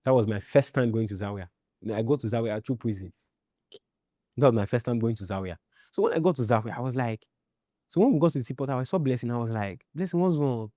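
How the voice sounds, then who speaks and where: A Nigerian man telling his own story in a halting way, often repeating himself and checking "you understand?". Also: medium pitch, warm tone, no room sound, clean studio sound. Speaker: interviewee. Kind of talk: personal storytelling.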